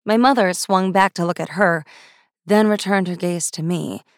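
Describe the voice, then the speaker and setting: A woman narrating a first-person fantasy story in a wry, brisk way. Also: lowish voice, no room sound, clean studio sound. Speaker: audiobook narrator.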